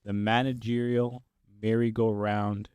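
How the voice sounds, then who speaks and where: A man's voice: on the low side, little pitch movement, measured pace, darkish tone, smooth, no echo. A young man hosting a casual football podcast, upbeat and steering the talk with questions. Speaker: podcast host. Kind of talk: casual sports chat.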